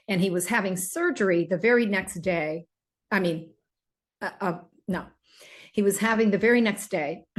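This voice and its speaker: A middle-aged woman with a somewhat low voice hosts a casual podcast about herbal remedies. She talks in a loose, rambling way, full of ums and restarted sentences, as if chatting with a friend. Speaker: host selling herbal remedies.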